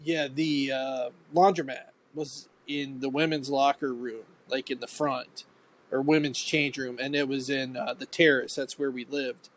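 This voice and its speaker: A man's voice: medium pitch, little pitch movement, unhurried, a bit bright. A man from Ohio co-hosting a podcast, recalling old times bluntly and profanely, rambling as he goes. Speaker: podcast co-host. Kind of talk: casual chat.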